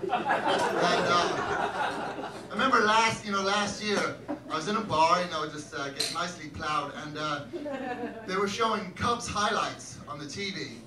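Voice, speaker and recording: A man performing a stand-up comedy set on a club stage, wry and self-deprecating, with loud shouted bits. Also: high voice, unhurried, distant mic, noisy background. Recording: echoey club recording, crowd laughter.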